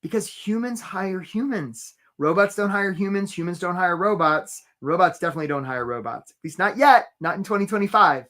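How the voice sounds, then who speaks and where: A man coaching job seekers in a live webinar, chatty and lively, telling stories and greeting viewers from the chat by name. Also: sits high, brisk, hardly any pauses. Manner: tells stories to make his points.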